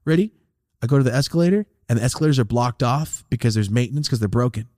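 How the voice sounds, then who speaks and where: A man's voice: medium pitch, fast talker, no room sound, studio quality. A man casually telling a rambling, profane story as a podcast host, acting out the quotes. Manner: profane, rambling, animated retelling with acted-out quotes.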